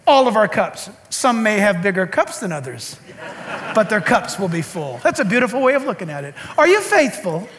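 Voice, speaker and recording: A preacher with a very high, bright voice delivers a lively sermon. He jokes and makes sarcastic asides, and his pitch leaps around as he talks. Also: moderate pace, slight background noise. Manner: animated and joking, sarcastic asides. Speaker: pastor.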